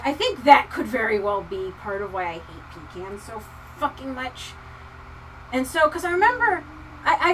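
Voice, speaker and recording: A woman livestreamer chatting casually with viewers, ranting with profanity and swinging from muttering to near-shouting. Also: high voice, far from the mic, slight background noise, poor audio. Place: home craft room. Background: soft lofi music.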